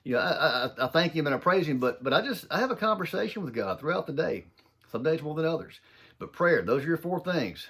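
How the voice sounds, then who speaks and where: A man from southern Mississippi speaks in a thick Southern accent. He gives an earnest, folksy faith talk, talking fast and loosely, with some words run together and some restarted. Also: fairly high pitch, expressive, a bit bright, husky. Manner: earnest, folksy, addresses listeners as y'all. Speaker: Christian speaker.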